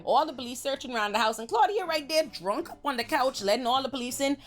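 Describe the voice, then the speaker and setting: A woman hosting a casual TV episode recap, telling it in an animated, slangy, profane way. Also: sits high. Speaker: host.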